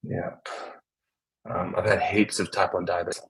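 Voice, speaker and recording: A man's voice: low-pitched, little pitch movement, a little slow, slightly rough, poor audio. A man, a doctor, answering viewer questions in a loose, thinking-aloud livestream chat.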